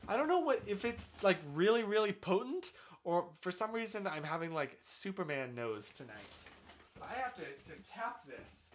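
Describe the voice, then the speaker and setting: A man's voice: high voice, moderate pace, slight background noise. A man hosting a casual live stream from a small room at home, chatting with viewers in a chatty, effusive way. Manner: chatty, animated, effusive congratulations. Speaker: livestream host. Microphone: desk microphone, sometimes turned away.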